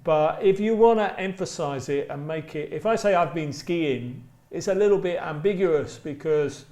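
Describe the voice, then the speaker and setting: A man teaching an English grammar lesson, repeating example sentences slowly and stretching them out for emphasis. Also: fairly high pitch, warm tone, roomy sound. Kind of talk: slow, deliberate grammar lesson with spoken examples.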